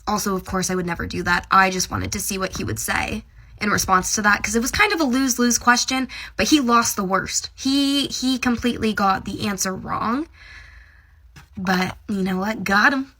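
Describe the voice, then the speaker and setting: A woman with a bright voice tells a short story straight to camera. She sounds smug and self-satisfied as she recounts the moment. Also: mid-range voice, normal speed. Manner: smug, triumphant.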